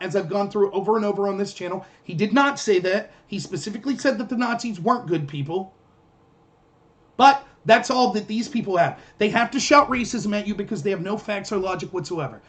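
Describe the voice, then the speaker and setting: A man hosting a political livestream, heatedly and sarcastically answering comments from his chat. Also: high-pitched. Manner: combative, sarcastic, ranting.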